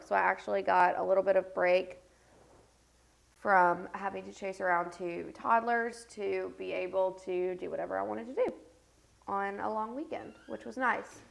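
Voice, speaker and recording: A woman's voice: medium pitch, normal speed, gravelly. A woman with a stuffed-up, scratchy congested voice hosts a casual get-ready-with-me makeup livestream from her home set. She rambles with lots of fillers while doing her makeup.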